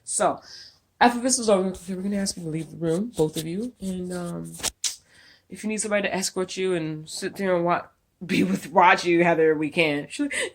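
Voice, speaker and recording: Animated, swearing woman telling a story. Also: fairly low pitch, fairly quick, gravelly. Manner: animated, profane, incredulous storytelling. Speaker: vlogger. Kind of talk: storytime vlog.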